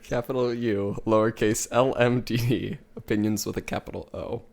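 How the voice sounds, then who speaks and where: A man co-hosting a podcast in relaxed, casual chat, telling stories with frequent fillers. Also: mid-range voice, normal speed, gravelly. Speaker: podcast co-host.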